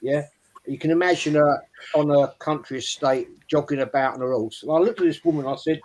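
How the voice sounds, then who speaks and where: A man's voice: on the high side, brisk, a little mellow, slight background noise. A man, telling a rambling, swearing story on a football podcast. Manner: swearing, rambling, lots of "right?". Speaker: podcast panelist, Arsenal fan. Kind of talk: casual football chat, storytelling.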